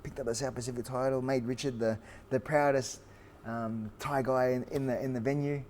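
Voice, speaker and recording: A man in his forties from Australia, a fighter telling stories as a guest, lively with lots of fillers and restarts. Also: mid-range voice, fairly quick, a little hiss or hum. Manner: animated storyteller with frequent fillers and restarts. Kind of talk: storytelling in an interview.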